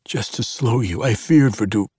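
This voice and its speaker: A man's voice: moderate pace, dark tone, slightly rough, dry recording, clean studio sound. A man doing a terrified, pleading barkeep. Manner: gasping, pleading, raised pitch. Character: frightened male barkeep, pleading and cornered.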